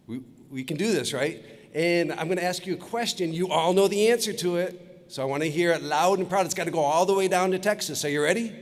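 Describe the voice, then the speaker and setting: A man giving an upbeat commencement speech, telling jokes and stories to the graduates. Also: high-pitched. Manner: upbeat storytelling, leads crowd chants. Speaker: commencement speaker. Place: large arena with long reverb. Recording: long hall reverb.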